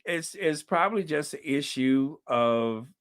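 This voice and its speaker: A man hosting a relaxed live-stream chat, talking at an unhurried, easy pace. His voice is smooth and clear as he chats, reads out viewers' names and comments, and laughs along. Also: on the high side. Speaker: channel host.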